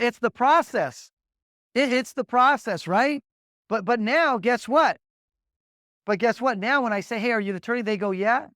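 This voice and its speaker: A middle-aged man with a fairly high voice gives an energetic sales training talk. He acts out little sample conversations and often repeats words as he goes. The sound is dry and close, with no room around him. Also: dry recording. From Las Vegas, Nevada.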